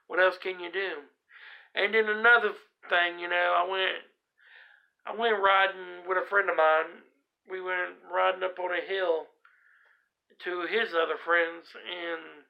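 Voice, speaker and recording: A man tells a story from his own life straight to camera, rambling and unhurried, full of ums and restarts. His voice has a gravelly, creaky edge. The recording sounds dull and lo-fi. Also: high-pitched. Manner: rambling, laid-back, many fillers and restarts. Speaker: vlogger.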